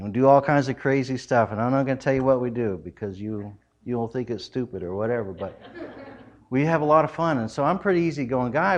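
A middle-aged man preaching a sermon, telling family stories in an animated way with frequent laughs. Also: mid-range voice, muffled recording. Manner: animated, laughing often, loud acted quotes. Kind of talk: humorous storytelling sermon.

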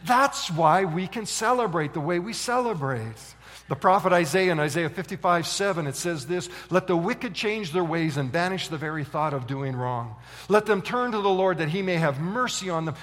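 Dramatic preacher with a higher voice, hall echo. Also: male voice, moderate pace. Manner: dramatic storytelling, swinging from loud excitement to hushed intensity. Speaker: pastor. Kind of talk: sermon. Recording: long reverb of a large hall.

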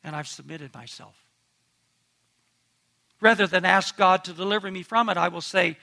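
A man's voice: high voice, moderate pace, vocal fry, long pauses, pushed and bright. A man pastor preaching a sermon in an earnest, emphatic way, asking the congregation direct questions.

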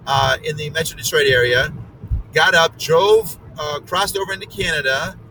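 A man's voice: on the high side, moderate pace, bright, forceful tone, distant mic, a little hiss or hum, rough recording. A middle-aged man telling a long story in casual chat, rambling with fillers and restarts.

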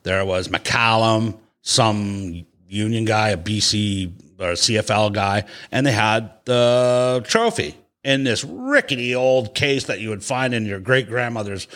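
A man's voice: on the low side, unhurried, few pauses. A man hosting a casual chat, telling a long, rambling story with lots of restarts and swearing. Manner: rambling, profane, animated storyteller with many restarts.

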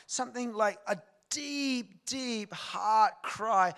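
A man, a guest preacher telling a story in a sermon, animated and swinging from soft to loud. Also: sits high, slow.

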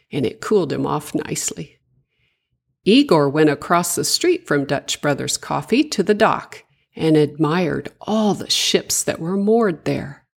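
A woman reading a children's story aloud, with expressive, sing-song narration. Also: low-pitched, creaky.

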